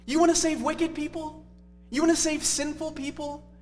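A man's voice: extremely high pitch, level tone, moderate pace, a little mellow, voice pushed up. A man voicing the prophet Jonah as an indignant, self-righteous man firing off exasperated rhetorical questions. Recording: reverberant hall with faint music.

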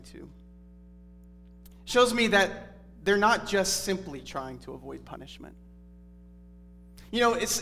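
A man's voice: high-pitched, fairly bright tone, slight background noise. A man preaching an expository Bible sermon in a conversational, earnest teaching tone. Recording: reverberant hall with faint music.

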